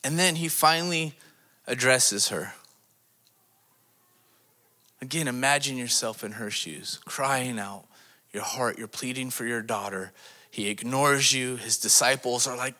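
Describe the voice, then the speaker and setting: A man preaching a sermon as a missions pastor to a congregation, asking them rhetorical questions and swinging his voice dramatically in pitch and loudness. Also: unhurried, pauses often. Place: church service before a congregation.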